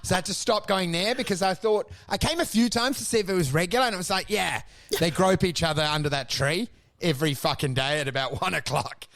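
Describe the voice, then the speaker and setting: A man's voice: high-pitched, fast talker, fairly bright tone. A man co-hosting a comedy podcast, telling absurd, self-deprecating stories. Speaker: podcast co-host.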